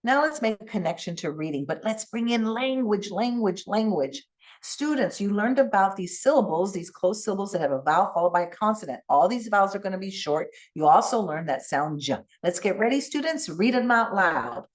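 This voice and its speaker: Animated bilingual woman teaching phonics. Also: mid-range voice. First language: Spanish. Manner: animated teacher voice, modeling sounds slowly. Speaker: keynote speaker. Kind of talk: conference keynote with classroom demonstration.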